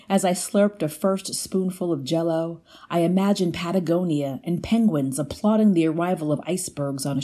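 Female reader for literary prose; low, mellow voice, measured delivery. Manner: measured, lifts pitch for quoted lines. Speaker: guest reader. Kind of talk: literary reading aloud.

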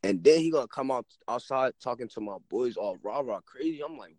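A man's voice: mid-range voice, animated, brisk, darkish tone, dry recording. A young man telling a story in casual chat, laid-back and rambling, often restarting his sentences.

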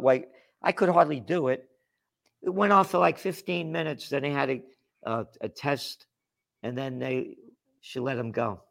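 Indignant rambling man with a gravelly voice. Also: mid-range voice. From United States. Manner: rambling, indignant, many restarts and fillers. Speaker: host. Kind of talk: heated political talk show.

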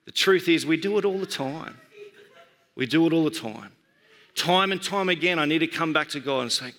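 A man in his thirties, a pastor, giving an earnest, conversational sermon and slowing down to stress key phrases. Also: high voice, lively intonation, pushed and bright, big-room sound. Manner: earnest, conversational preaching with slowed emphatic phrases. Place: church.

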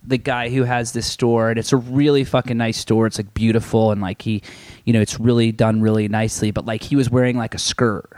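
A man's voice: mid-range voice, little pitch movement, fairly quick, a little mellow, no room sound. Young male guest, meandering casual talker, mid-range voice, dry mic. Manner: rambling, fills nearly every phrase with "like". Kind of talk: casual chat.

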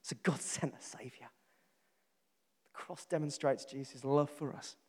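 A man with a Birmingham accent preaching a sermon, telling a funny story about a friend with animated, self-mocking delivery. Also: medium pitch, measured pace, slightly rough, long reverb tail. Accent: Birmingham English.

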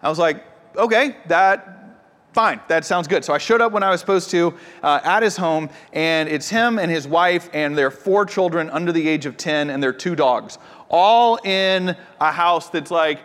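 A slightly high-voiced male pastor in his thirties, telling a story from the pulpit with animated, lively delivery. He acts out the people he quotes. His voice rings with the long reverb of a church hall. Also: moderate pace. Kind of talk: sermon with personal story.

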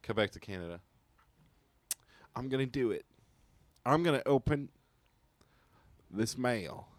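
A man's voice: mid-range voice, lively intonation, no echo, close to an everyday voice. A man playing a timid divorced woman. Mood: worked up. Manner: hesitant, halting, apologetic. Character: timid newly divorced woman, lost and mopey. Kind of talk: improvised comedy sketch.

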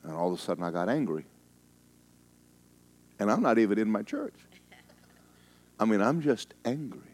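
A male pastor delivering a sermon, telling stories in a folksy, teasing way, with emphatic stretches and hushed asides. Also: fairly low pitch, sing-song, moderate pace. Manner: emphatic, storytelling preacher who drops into hushed asides.

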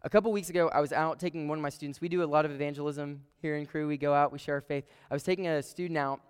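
A man preaching to a student group, his voice clear and resonant as it rings through a large hall with a long reverb. He tells stories animatedly, dropping to a hush and then surging loud, and sits a little high in pitch for a man. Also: steady tone, rapid-fire. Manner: storytelling with sudden swings between hushed and loud. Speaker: campus ministry speaker.

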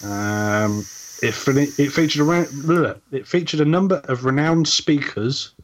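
A man's voice: mid-range voice, slight background noise. Rambling man co-hosting a casual podcast. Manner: rambling, halting, many fillers and restarts. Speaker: podcast co-host.

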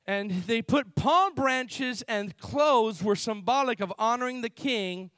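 A male pastor preaching in a church with a fairly high voice. He tells stories with animated energy, jumping from loud bursts to hushed asides. The sound is close and dry. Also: slow pace, no echo. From Miami. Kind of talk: sermon.

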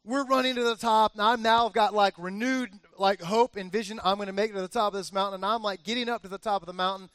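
A man in his forties preaching a sermon as pastor, telling a lively family story and acting out the cheers. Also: sits high, quick pace, hardly any pauses, no echo. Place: church.

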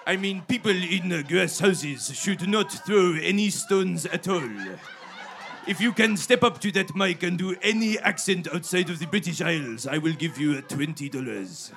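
Man playing a haughty, gravelly professor. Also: mid-range voice, expressive, normal speed, hardly any pauses, a little hiss or hum. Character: pompous male professor putting on a Japanese-tinged voice. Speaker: improv comedian. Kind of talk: improvised comedy sketch.

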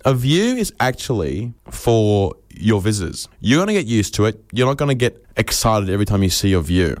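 A low-voiced man delivers a comic monologue full of deadpan, ridiculous claims, switching into quick impersonations whenever he quotes someone. The audio sounds close and dry, free of any room reverb.

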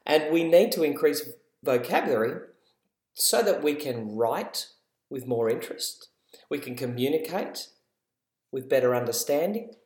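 A man's voice: a little high, expressive, unhurried, darkish tone. Australian man, podcast host, chatty and encouraging, slightly raised voice, echoey room. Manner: chatty, encouraging, laughs at himself. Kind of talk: casual educational podcast. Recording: roomy echo.

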